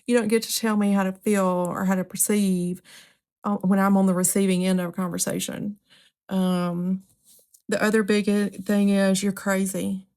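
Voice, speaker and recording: A woman's voice: mid-range voice, little pitch movement, normal speed, a little mellow, clean tone. A woman hosting a podcast, talking candidly in a casual, conversational way with frequent ums and asides. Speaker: podcast host. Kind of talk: casual solo podcast talk.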